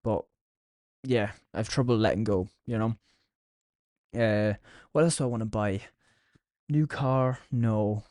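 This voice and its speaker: A man's voice: on the low side, takes it slowly, pauses often, darkish tone, dry recording, clean studio sound. A young Irish man hosting a solo podcast, talking casually with plenty of swearing and mockery. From Ireland. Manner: sweary, mocking. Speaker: podcast host.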